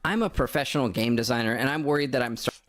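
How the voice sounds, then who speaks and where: A man's voice: mid-range voice, fast, a bit bright. Man reading a forum post aloud.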